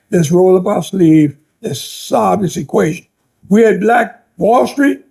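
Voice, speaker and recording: A man's voice: sits high, creaky, a little mellow, husky. An older man from the United States, giving an interview and telling stories with passion, preaching and acting out the voices he quotes. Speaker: interview guest. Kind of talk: impassioned storytelling talk.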